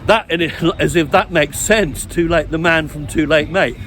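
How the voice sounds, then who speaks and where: A man's voice: a little high, moderate pace, a bit bright. A middle-aged man walking along a street and telling a meandering, reflective story about dating, with many fillers and restarts. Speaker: vlogger on dating. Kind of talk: rambling anecdotal storytelling.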